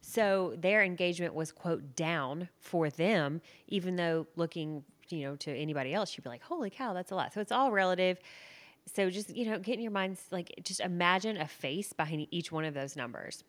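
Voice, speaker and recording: A young adult woman hosting her own podcast from her living room floor, talking in a chatty, animated way and laughing at herself. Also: lowish voice, normal speed. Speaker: podcast host. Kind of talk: casual solo podcast monologue.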